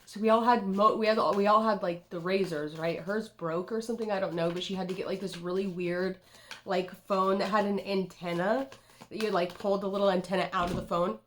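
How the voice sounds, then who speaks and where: A woman's voice: mid-range voice, fairly even intonation, a little fast, slight background noise. Rambling, profane young woman tarot reader. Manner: rambling and profane, says "dude" a lot. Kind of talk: casual rambling tarot vlog.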